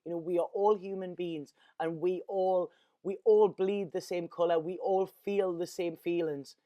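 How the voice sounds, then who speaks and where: A woman's voice: lowish voice, steady tone, unhurried, highs cut off. A woman, a tarot reader talking in an earnest, rambling, emotional way and often repeating her words. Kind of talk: casual spiritual monologue.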